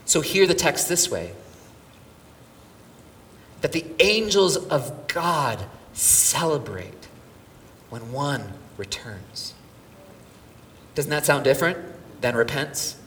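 Animated middle-aged preacher in a big hall. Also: male voice, fairly high pitch, slow, long pauses. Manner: animated storytelling, dropping to near-whispers and rising to shouts. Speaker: pastor. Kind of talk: sermon. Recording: distant mic with hall reverb and faint room noise.

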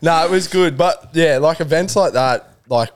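A man co-hosting a podcast, speaking in a relaxed way and hedging with "sorta" and "like". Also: a little high, moderate pace, clean tone. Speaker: podcast co-host. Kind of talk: casual chat.

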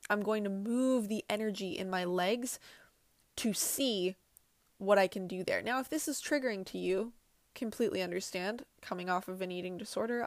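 A woman's voice: mid-range voice, no room sound. A woman talking casually and earnestly to her viewers about healing and self-love, often repeating her points. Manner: earnest, talks directly to viewers, repeats herself. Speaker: spiritual wellness vlogger. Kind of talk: casual talk to camera.

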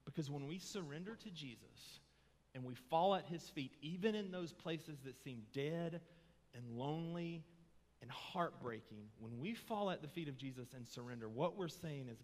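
A man's voice: on the high side, animated, moderate pace. A man preaching a sermon in a church, moving from casual asides to impassioned emphasis. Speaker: pastor. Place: church sanctuary. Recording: long hall reverb.

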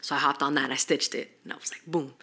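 A woman's voice: low-pitched, fast talker, husky. A young woman hosting a podcast, telling stories in casual chat with lots of swearing and slang. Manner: animated storytelling, heavy swearing, slangy. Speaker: podcast host.

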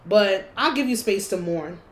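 A blunt, frank woman co-hosting a casual podcast, cursing easily as she gives her view. Her voice sits at a middling pitch and carries the ring of an echoey room. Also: animated, unhurried. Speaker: podcast co-host. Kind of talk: casual chat. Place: room with window open.

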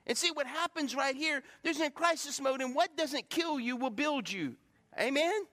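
An extremely high-pitched male voice, slightly bright and lively in intonation, delivers a sermon at normal speed. The pastor calls out questions in call-and-response with his congregation, and the church adds a long hall reverb.

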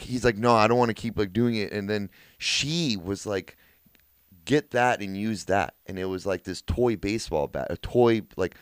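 A man's voice: medium pitch, no room sound, studio quality. A man in his twenties, a podcast co-host, telling a story casually among friends, laughing often and swearing, with lots of filler words.

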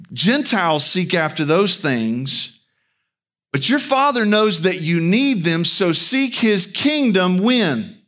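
A pastor delivers a sermon, posing rhetorical questions to his congregation with emphasis. His preaching is animated, slow and forceful, with wide swings in pitch.

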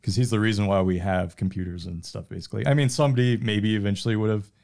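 A man's voice: on the low side, fairly even intonation, quick pace, vocal fry, a little mellow. A man co-hosting a casual podcast chat, laid back, retelling stories in long rambling runs. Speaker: podcast co-host.

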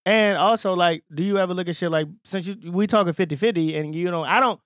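A man's voice: high voice, quick pace, fairly bright tone, no echo, studio quality. A man co-hosting a podcast in casual chat, blunt and emphatic with plenty of profanity. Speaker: podcast co-host.

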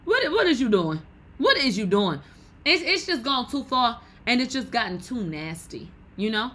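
A woman in her thirties hosting a podcast, giving blunt, profane, animated gossip commentary. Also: a little high, moderate pace, low-quality recording. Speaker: podcast host.

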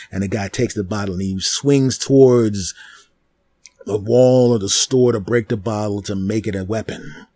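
A man hosting a comedy podcast, telling a story in an animated, repetitive way with mouth sound effects. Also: sits low, normal speed, breathy edge, dry recording, studio quality. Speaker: podcast host.

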